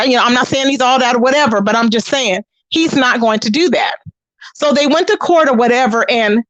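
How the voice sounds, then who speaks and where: A woman's voice: on the high side, a bit bright, no echo. A woman hosting a casual livestream, reading chat comments and gossiping straight to her viewers. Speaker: channel host.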